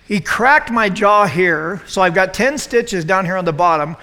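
A youth pastor in his forties telling an animated story in a youth sermon, acting out quotes with self-deprecating humor. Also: sits high, normal speed. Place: church youth room. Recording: long hall reverb.

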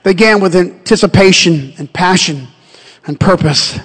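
High-voiced pastor preaching in a reverberant hall. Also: male voice, a little slow. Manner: builds from calm storytelling to shouted, high-pitched preaching. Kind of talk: sermon.

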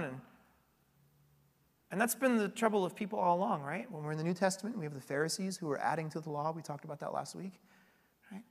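A man preaching a conversational sermon, earnest and explanatory, asking rhetorical questions and going hoarse as he loses his voice. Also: high-pitched, fairly bright tone. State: losing his voice. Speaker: pastoral candidate preaching. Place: church sanctuary. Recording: long reverb of a large hall.

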